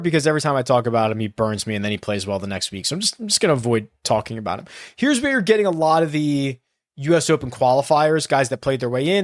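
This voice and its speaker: A man's voice: a little high, no echo, studio quality. A man hosting a fantasy golf podcast alone, thinking aloud in a rambling way and often correcting himself mid-sentence. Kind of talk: casual solo analysis.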